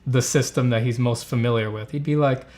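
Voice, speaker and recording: Brief: a male artist host chatting casually, rambling, with fillers and restarts, mid-pitched. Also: steady tone, a little fast, darkish tone. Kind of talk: casual podcast chat.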